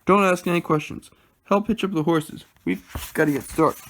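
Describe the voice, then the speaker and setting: A man's voice: on the high side, moderate pace, fairly bright tone, lightly acted. A man voicing a strict father and deacon in a storybook read-aloud, in a commanding, scolding manner. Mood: urgent.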